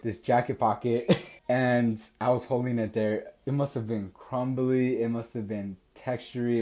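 A young man hosting a podcast, telling a personal story in a casual, animated way and laughing often. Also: medium pitch. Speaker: podcast host.

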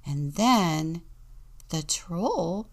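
A woman's voice: lowish voice, lively intonation, extremely slow. A woman deacon reading a children's picture book aloud, dropping into whispers for suspense and acting out the sound words.

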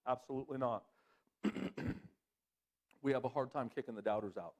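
Speaking at normal speed with a darkish tone, a pastor preaches directly to his congregation. For emphasis his voice swings upward, and it sinks low when the points turn serious.

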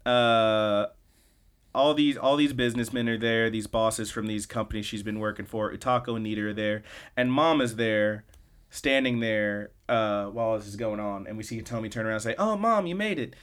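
A man's voice: on the low side, level tone, moderate pace, a bit bright, clean tone. A man hosting a podcast, recapping episodes in a loose, chatty way and swearing casually. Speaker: podcast host.

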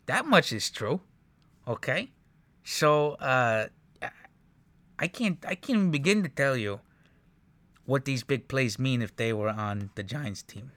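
A man breaking down football highlights in a casual, profane, exasperated rant. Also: a bit bright, dry recording. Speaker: sports commentator reacting to highlights.

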